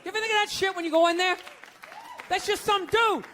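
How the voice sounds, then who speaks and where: A man doing a stand-up comedy set, ranting profanely and shouting his punchlines with incredulous disbelief. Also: very high-pitched, fairly even intonation, brisk. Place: comedy club stage with audience. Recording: live stand-up with crowd noise. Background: audience laughter.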